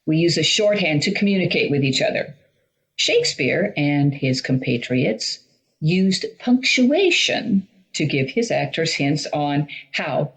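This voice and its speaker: A woman's voice: sits low, poor audio. A woman teaching drama, explaining Shakespeare performance step by step in an instructional talk.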